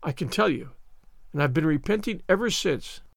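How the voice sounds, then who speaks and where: A man's voice: on the high side, expressive, normal speed, creaky, no room sound, clean studio sound. A man voicing a dramatic, wordy young girl in a storybook reading, pleading in a theatrical manner. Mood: earnest. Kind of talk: audiobook character reading.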